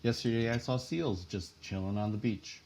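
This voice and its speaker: A man's voice: medium pitch, normal speed, darkish tone, a little hiss or hum. A man from New Jersey in his thirties, chatting as an interview guest with lots of fillers and laughter. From central New Jersey, US. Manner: chatty and rambling, laughs often, many fillers. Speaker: guest artist. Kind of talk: casual interview chat.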